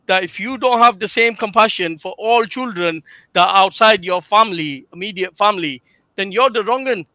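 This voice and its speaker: High, bright-voiced man arguing hotly. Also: normal speed, no echo, highs cut off. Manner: argumentative, interrupting. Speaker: panelist. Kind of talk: heated live podcast debate.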